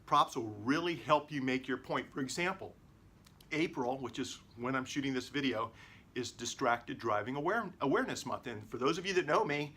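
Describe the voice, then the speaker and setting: A middle-aged man gives tips straight to the camera, like a coach talking to his viewers. His voice is bright and forward. He is animated and swings between soft and loud to stress his points. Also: mid-range voice, normal speed, slight background noise. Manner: animated, varies tone and volume for emphasis. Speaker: lawyer and video coach.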